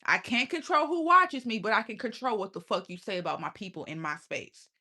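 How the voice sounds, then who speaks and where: On her livestream, a young woman chats loosely and casually, speaking bluntly, swearing freely, and laughing now and then. Her mid-range voice sounds bright, forceful, animated, and brisk.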